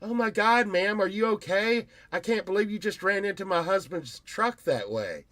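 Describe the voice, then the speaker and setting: A man voicing his flustered, excitable middle-aged wife, exclaiming in a frantic rush. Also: sits high, normal speed, no echo, pitched above the performer's own voice.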